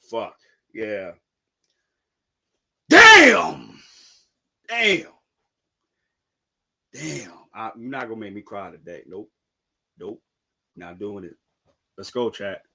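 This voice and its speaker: Picture a young man streaming his reaction live, his bright, forceful voice swinging widely in pitch. He drawls along in slang, then suddenly bursts out shouting. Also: gravelly. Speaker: streamer reacting to a manga chapter.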